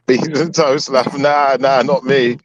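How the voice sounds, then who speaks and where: A man's voice: medium pitch, fairly even intonation, takes it slowly. Laid-back man on a muffled line. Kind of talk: casual group chat.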